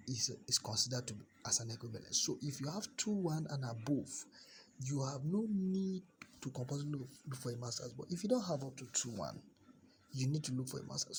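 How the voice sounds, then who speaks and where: Guy talking through an application on screen, repeats stuff for emphasis, mid pitch, faint hum behind. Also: gravelly, fairly bright tone. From Nigeria. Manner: repeats key words for emphasis and restarts phrases. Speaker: scholarship application guide. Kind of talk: screen-share walkthrough.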